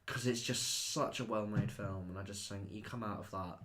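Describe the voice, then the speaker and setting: A man's voice: lowish voice, moderate pace. A young man co-hosting a podcast, rambling animatedly in casual chat. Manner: animated, rambling, full of "like" and laughs. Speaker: podcast co-host.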